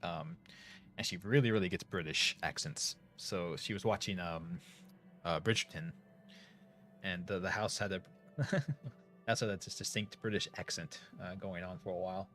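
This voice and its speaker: Middle-aged streamer, deep voice, Northern US accent, rambly casual chat, faint music under. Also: male voice, moderate pace, fairly bright tone. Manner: rambling, many fillers and restarts.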